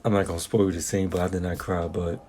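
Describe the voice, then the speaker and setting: A man's voice: low-pitched, flat delivery, fast, darkish tone. A young man giving a casual spoken film review, telling stories in a rambling way full of slang and restarts.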